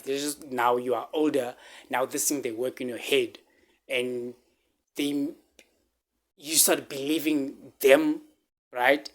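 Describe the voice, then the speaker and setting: A man telling a personal story on his vlog, halting and repeating himself, close to tears. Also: medium pitch. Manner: halting, repeats words, fillers like "man" and "right?". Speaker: vlogger.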